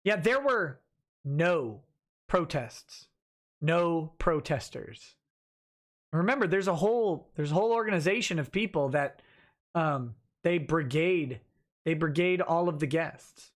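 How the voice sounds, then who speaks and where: A man's voice: fairly high pitch, lively intonation, measured pace. A man hosting a livestream, reading viewer comments aloud and answering them casually with restarts and chuckles. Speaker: livestream host reading chat.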